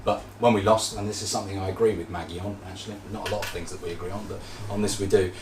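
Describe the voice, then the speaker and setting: A man answering a question as a Labour candidate at a hustings, in a brisk, conciliatory manner. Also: low-pitched, steady tone. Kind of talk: political debate answer. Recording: echoey hall, distant mic, faint noise.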